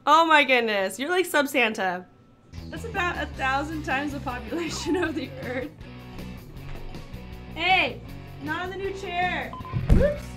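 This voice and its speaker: A woman streaming games in casual chat, excitable and exclaiming often, on a desk microphone. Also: sits high. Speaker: game streamer. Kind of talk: casual gaming livestream chat.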